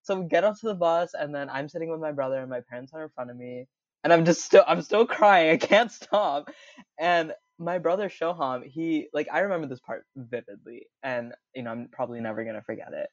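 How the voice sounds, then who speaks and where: A man's voice: fairly high pitch, fairly quick, no echo. Young man interview guest, chatty storyteller with lots of fillers and laughs, dry lo-fi recording. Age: young adult. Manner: chatty, full of "like" and "you know", laughs often. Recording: dull lo-fi recording.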